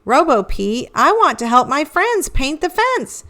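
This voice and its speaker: A woman voicing a cheerful, playful young male cat in an excited character voice for a storybook read-aloud. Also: high voice, unhurried, soft background music, voice pushed up, heavily acted.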